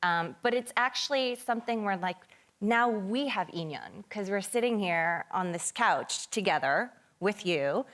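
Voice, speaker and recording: Woman on a chat show couch explaining something, giggly and warm. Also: mid-range voice, expressive, unhurried. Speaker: actress.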